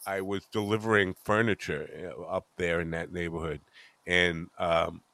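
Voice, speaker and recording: A man hosting a casual podcast chat, telling blunt, profane stories in a gruff, offhand way. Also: deep voice, steady tone, normal speed, bright, forceful tone, no room sound. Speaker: podcast host.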